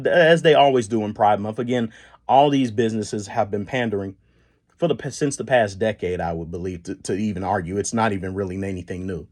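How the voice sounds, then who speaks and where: A man with a fairly low voice talks through his views alone on a podcast. He speaks earnestly and with emphasis, stumbling and restarting words as he builds his points. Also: a little mellow. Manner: earnest, emphatic, with frequent restarts and rising stresses. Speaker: podcast host. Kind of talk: solo commentary monologue.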